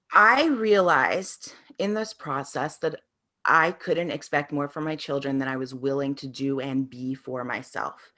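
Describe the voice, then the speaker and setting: A woman's voice: sits low, fairly bright tone. A woman answering interview questions as a parenting coach, telling her experiences in an earnest, reflective way.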